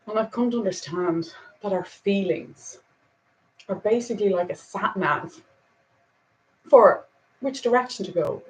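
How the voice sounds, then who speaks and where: A woman hosting a casual spiritual talk and reading angel cards, earnest and reflective, with soft laughs and a little emotion. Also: medium pitch, low-quality recording.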